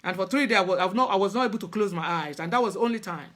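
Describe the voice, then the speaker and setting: An earnest middle-aged woman, whose first language is Yoruba, speaks in a medium-pitched, fairly bright voice. She's a spiritual practitioner telling a personal story, and her delivery is halting, full of restarts.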